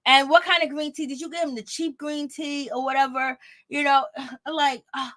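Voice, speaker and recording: High-voiced woman dishing casual gossip. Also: normal speed. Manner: animated, laughing, blunt and profane. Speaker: commentator on a reality show. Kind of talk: casual reaction commentary.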